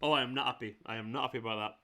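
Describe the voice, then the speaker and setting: A man hosting a live football watchalong, reacting with exasperation, swearing and shouting at the players. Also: medium pitch, fairly even intonation, racing. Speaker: fan channel host.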